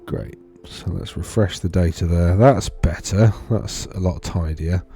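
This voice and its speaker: A man's voice: low-pitched, a little slow, dark tone, breathy edge, soft background music. A man casually talking through tournament data on his screen, rambling and correcting himself as he thinks aloud. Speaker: wargaming video host. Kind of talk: casual screen-share commentary.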